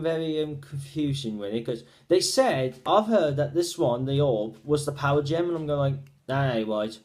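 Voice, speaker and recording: A man's voice: a little high, darkish tone. Rambling man retelling a film. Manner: rambling, halting retelling with many restarts. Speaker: film reviewer. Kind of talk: casual spoken film review.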